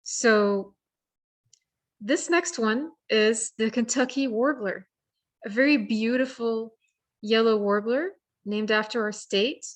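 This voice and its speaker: A woman's voice: on the high side, slow pace. A woman presenting an online workshop, explaining how to identify warblers by sight and song in a friendly, explanatory way with small restarts. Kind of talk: virtual bird identification lesson. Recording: virtual program audio.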